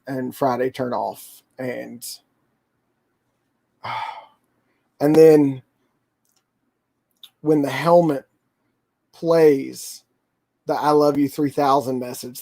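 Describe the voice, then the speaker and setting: Excitable man rambling on a livestream. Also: a little high. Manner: rambling, excitable fan talk with fillers. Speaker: toy channel livestream host. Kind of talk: casual livestream chat.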